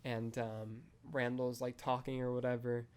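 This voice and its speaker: A man's voice: mid-range voice, flat delivery, measured pace, clear, resonant tone. A young man hosting a podcast, reviewing a film in casual chat full of "like" and "um" fillers. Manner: rambling, heavy use of "like" and "um".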